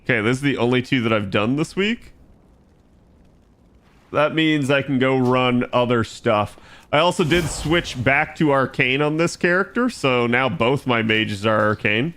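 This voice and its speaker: A man's voice: medium pitch, animated, unhurried, fairly bright tone. A man streaming himself playing an online game, chatting loosely with his viewers. He rambles, corrects himself and swears casually. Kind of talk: casual live-stream gaming chat.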